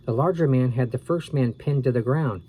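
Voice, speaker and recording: A man reading a scary children's storybook aloud at a steady, unhurried pace. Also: mid-range voice, breathy edge, rough recording.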